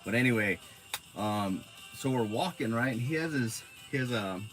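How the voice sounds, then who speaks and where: A man's voice: mid-range voice, animated, moderate pace, fairly bright tone, soft background music. A man from Arizona with a middle-range voice, chatting on a casual live stream. He rambles through his stories with an easygoing, profane manner, as if talking to friends. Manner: rambling, laid-back, swears freely.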